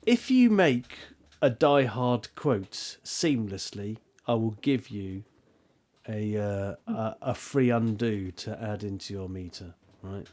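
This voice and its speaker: Speaking slowly in a lowish voice, a man runs a tabletop role-playing game as game master. His scene narration rambles, full of animation and self-mockery.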